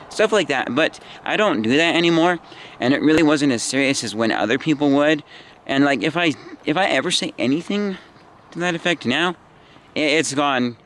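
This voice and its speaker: A man in his twenties telling a personal story in a halting, meandering way, tired and full of restarts. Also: mid-range voice, noisy background. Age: 20s. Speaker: vlogger. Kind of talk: rambling personal vlog.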